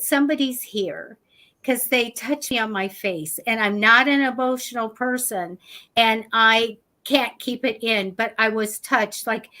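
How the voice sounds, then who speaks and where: Bright-voiced woman telling a ghost story. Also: on the high side. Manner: animated, chatty, acts out quotes. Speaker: psychic show host. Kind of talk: casual storytelling on a live show.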